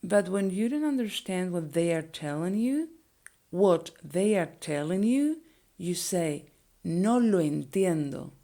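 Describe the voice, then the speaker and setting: A young woman whose first language is Spanish, teaching phrases slowly and clearly and repeating each one for learners. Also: fairly low pitch, sing-song, dark tone.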